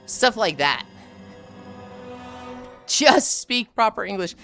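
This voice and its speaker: A woman livestreaming while walking, telling a story casually to chat, animated and swearing freely. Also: fairly low pitch, moderate pace, pauses often, soft background music.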